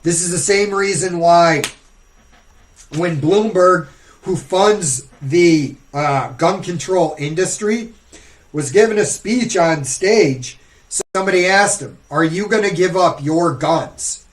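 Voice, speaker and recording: A man's voice: high voice, slow, rough recording. A man on a casual podcast, talking in a blunt, profane, ranting way.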